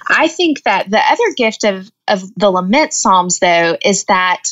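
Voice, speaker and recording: A woman's voice: medium pitch, animated, a little slow, fairly bright tone, dull audio. A woman author as a guest, explaining with earnest, thoughtful talk and light laughs. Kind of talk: faith-based podcast interview.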